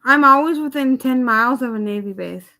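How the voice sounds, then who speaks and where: A woman streaming live who chats casually and tells a story with lots of animation and exasperation. Her voice is high and bright. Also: fairly quick.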